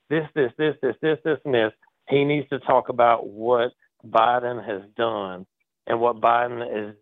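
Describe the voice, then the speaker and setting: A man's voice: mid-range voice, no room sound. A man calling in to a talk show, ranting in casual slang, repeating words and acting out what others say. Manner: animated, slangy, repeats words, acts out quotes. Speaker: caller. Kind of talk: casual call-in rant. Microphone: phone. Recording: tinny phone line.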